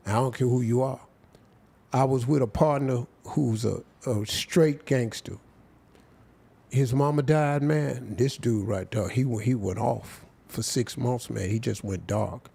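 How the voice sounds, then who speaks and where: An older man with tells a personal story as an interview guest. His gravelly voice sits at an ordinary pitch, and he talks slowly and heartfeltly, sometimes falling almost silent. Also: dark tone. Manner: slow, heartfelt, drops to near silence at emotional points. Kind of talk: emotional storytelling.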